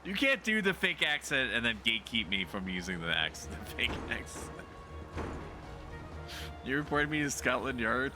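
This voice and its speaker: A man's voice: medium pitch, very animated, normal speed, pauses often. A male streamer giving casual, joking commentary while playing a game, swearing and laughing often. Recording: game music playing behind.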